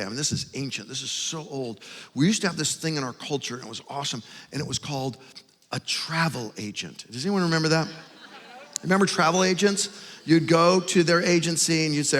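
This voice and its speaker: A middle-aged man preaching a sermon as pastor, animated storyteller building to loud emphasis, on a stage microphone in a large church auditorium. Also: a little high, fast talker. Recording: long hall reverb, faint music.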